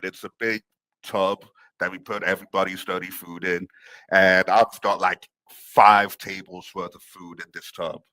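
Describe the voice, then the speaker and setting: Podcast guest, male, low-pitched and dry, animated storyteller who laughs through his lines. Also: dry recording. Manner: animated, often laughing through his words, stammering restarts. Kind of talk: casual storytelling on a comedy podcast.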